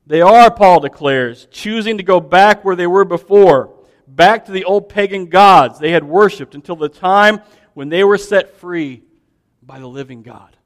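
A pastor with a high voice preaches a sermon in church, his words trailing off into a long hall reverb. Speaking a little slowly, he addresses the congregation casually and animatedly, with frequent restarts and asides.

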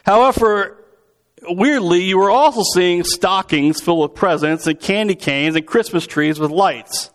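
A man's voice: sits high, measured pace. A man preaching in a conversational, storytelling way, acting out quotes with vivid voices. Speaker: pastor. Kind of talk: sermon.

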